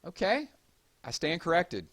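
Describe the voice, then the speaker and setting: A man's voice: on the high side, wildly swooping pitch, unhurried. A man with a Southern US accent from Georgia, hosting a casual livestream and chatting as he reads out viewer comments. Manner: chatty, reads chat aloud and gives shout-outs. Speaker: livestream host.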